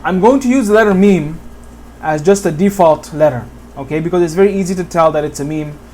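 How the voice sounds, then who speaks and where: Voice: medium pitch, a little fast, warm tone, slight background noise. Patient teacher who keeps checking in. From Bangladesh. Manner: patient, checks in with "okay?" often, repeats examples. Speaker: Quran recitation teacher. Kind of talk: whiteboard tutorial.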